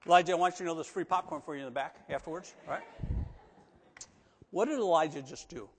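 High-voiced man preaching in an echoing church. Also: fast, a little hiss or hum. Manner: animated, swinging from loud emphatic preaching to soft coaxing asides. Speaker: pastor. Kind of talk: sermon. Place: church sanctuary. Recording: long reverb of a church hall.

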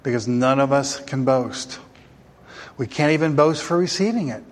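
In a medium-pitched voice at a moderate pace, a pastor preaches emphatically to his congregation. He asks plenty of rhetorical questions, and the recording carries a long hall reverb.

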